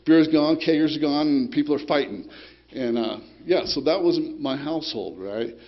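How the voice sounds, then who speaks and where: A man's voice: on the high side, moderate pace, lo-fi sound. A man giving a rambling, streetwise personal testimony at a recovery group meeting, swearing and often asking "you know, right?". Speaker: speaker sharing his recovery story.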